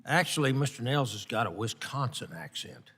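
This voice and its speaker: A man from Texas speaking at a committee markup, halting with many fillers. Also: mid-range voice, expressive, a bit bright, husky. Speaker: committee member. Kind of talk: committee floor remarks. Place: large hearing room. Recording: long reverb of a hearing room.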